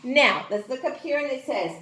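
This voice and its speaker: A woman's voice: high voice, expressive, moderate pace, bright, forceful tone, roomy sound. A woman teaching a recorded kindergarten phonics lesson, encouraging and sing-song as she sounds out words for the children. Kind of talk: recorded online class lesson.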